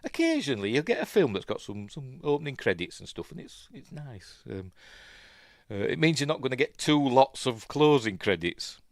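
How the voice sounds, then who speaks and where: A man's voice: mid-range voice, sing-song, moderate pace, no room sound, clean studio sound. A man with a Yorkshire accent casually commentating on an old film as he watches, rambling and chatty with lots of fillers. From Yorkshire, England. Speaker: film review host.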